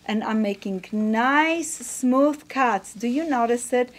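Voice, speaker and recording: A woman hosting a quilting lesson, her voice sitting a little high. She walks through each step warmly, gushing over every cut and press. Her exclamations of delight come often. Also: slow. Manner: gushing, encouraging, exclaims "oh, wonderful". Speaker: quilting teacher and show host. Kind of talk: instructional demonstration.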